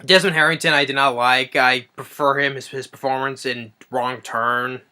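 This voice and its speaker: Bright-voiced man rambling through a film review. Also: medium pitch, steady tone, clear, resonant tone. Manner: halting, repeats and restarts phrases while thinking aloud. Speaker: movie reviewer. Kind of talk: casual spoken film review.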